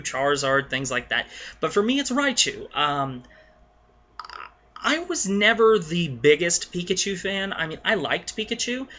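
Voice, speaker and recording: A young man talks through a casual countdown in a loose, rambling way, trailing off and restarting his sentences. His voice is slightly high and bright. The recording sounds dull and lo-fi. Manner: rambling and nostalgic, lots of ums and restarts. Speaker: gaming video host.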